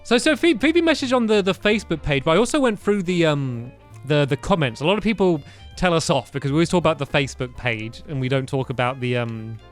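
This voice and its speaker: A man co-hosting a casual podcast, talking in a slightly high voice that swings widely in pitch. He hesitates and restarts often, laughing easily. Faint music plays in the background. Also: expressive, fast talker. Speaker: podcast co-host. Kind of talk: casual chat.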